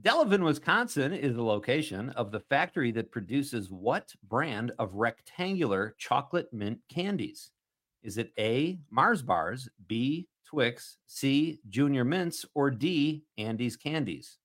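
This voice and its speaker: A man's voice: medium pitch, very animated, unhurried, a bit bright. A man hosting a casual talk show quiz. He is upbeat, laughs often, and reads the questions with emphasis. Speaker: radio show host.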